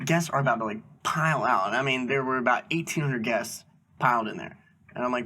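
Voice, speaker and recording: A male comedy podcaster spins a customer-service story, slipping into the voices of the people in it. His voice is bright and sits at an ordinary pitch. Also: brisk. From USA. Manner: animated storyteller acting out dialogue. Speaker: podcast co-host.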